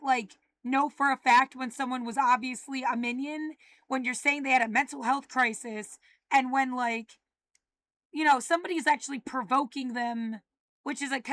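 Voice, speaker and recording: A woman in an agitated, profane rant, often breaking into shouting. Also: high-pitched.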